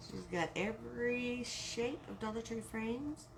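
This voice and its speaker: A woman's voice: on the high side, a little slow, creaky, a little hiss or hum. A woman with a Texan accent hosting a live craft tutorial, chatting and greeting viewers by name as she works. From Texas. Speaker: craft live-stream host.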